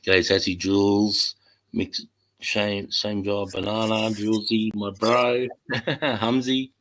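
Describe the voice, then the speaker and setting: A man's voice: fairly low pitch, level tone, takes it slowly, a bit bright, slight background noise. A man hosting a live stream, chatting casually and swearing, greeting viewers by name.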